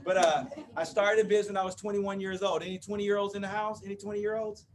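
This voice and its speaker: A man around fifty gives a live motivational talk in an event room, chatting playfully with the audience and often asking "you with me?". His voice sits high and his delivery is flat and fast, recorded from a distance with slight background noise.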